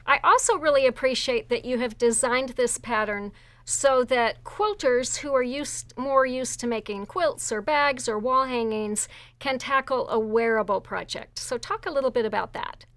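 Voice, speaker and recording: Woman host, slightly high voice, encouraging interviewer, dead-dry recording. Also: normal speed, fairly bright tone, dry recording. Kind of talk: livestream interview.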